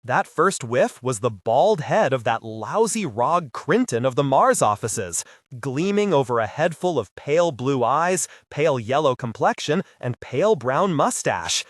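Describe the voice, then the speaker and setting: Lively wisecracking male audiobook narrator. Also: mid-range voice, unhurried, no room sound, clean studio sound. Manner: wisecracking, expressive. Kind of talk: first-person hardboiled narration.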